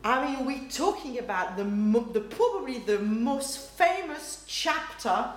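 Lively woman preaching in an echoey hall. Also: a little high, a little slow. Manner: lively, animated, acts out quoted reactions, laughs often. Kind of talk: sermon. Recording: roomy hall echo, faint ambience.

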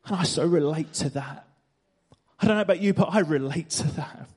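High-voiced emphatic male preacher. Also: moderate pace, a little mellow, slightly rough. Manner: emphatic, repeats phrases, rhetorical questions to the congregation. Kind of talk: sermon. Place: church stage before a congregation.

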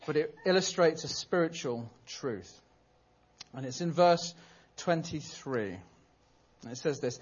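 A man's voice: fairly high pitch, husky. A man preaching a sermon in a humorous, conversational storytelling manner. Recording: dull lo-fi recording.

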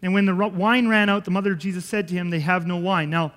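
Guy preaching a sermon, high voice, acts out the story, gets loud then quiet, big echo from the hall. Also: quick pace. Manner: animated storyteller, acting out scenes, swinging from loud to quiet. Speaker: pastor.

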